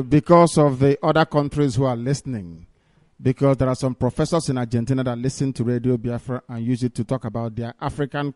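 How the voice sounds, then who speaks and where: A man's voice: medium pitch, dry recording, clean studio sound. A man hosting a live radio call-in meeting, politely thanking callers and urging them to speak English.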